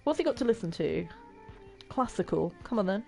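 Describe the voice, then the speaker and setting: Lively giggly woman gamer. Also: medium pitch, brisk, creaky, soft background music. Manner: chatty, giggly, reacts out loud to the game. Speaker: gaming streamer. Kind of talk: casual gameplay commentary.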